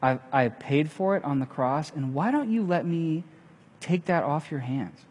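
A man preaching a sermon, telling a story in lively fashion and acting out the lines of the people in it. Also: a little high, moderate pace, slightly rough. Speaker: pastor. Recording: long hall reverb.

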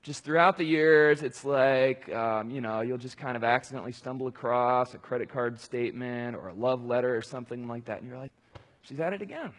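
A man's voice: medium pitch, fairly even intonation, fairly quick, few pauses. A man preaching a conversational sermon, talking casually and rambling, with many fillers and restarts. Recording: long hall reverb.

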